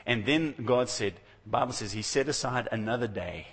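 Male preacher, husky, storytelling sermon style that acts out quoted voices, long hall reverb. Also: mid-range voice, normal speed, a bit bright.

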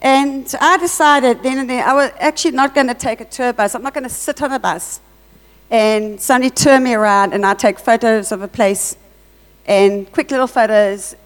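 A woman giving an earnest testimony at church, telling her story with lively reported dialogue. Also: on the high side, normal speed. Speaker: church speaker sharing a testimony. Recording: long hall reverb.

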